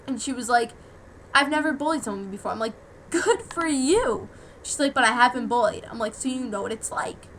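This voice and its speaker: A teenage girl from the United States speaks straight to camera in a personal vlog, rambling through an emotional story with lots of "like"s. Her voice sits a little high and sounds bright. A faint hiss runs underneath. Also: fast, low-quality recording. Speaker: vlogger.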